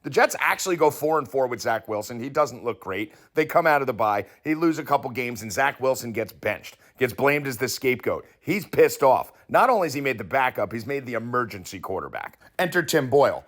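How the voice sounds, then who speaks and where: A man's voice: medium pitch, fairly quick, hardly any pauses. A man hosting a sports betting show, telling a comic conspiracy story with heavy swearing and acted-out quotes. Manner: profane, animated storyteller acting out quotes.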